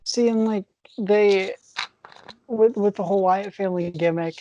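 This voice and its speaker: A woman co-hosting a casual wrestling podcast, chatty and quick to laugh. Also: medium pitch, fairly even intonation, mellow, slight background noise. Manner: chatty, laughs often between remarks. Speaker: podcast co-host.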